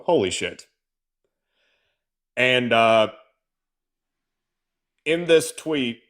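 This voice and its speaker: A man from the American South co-hosting a political livestream, ranting with sarcastic exasperation. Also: fairly low pitch. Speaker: co-host. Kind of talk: political commentary rant.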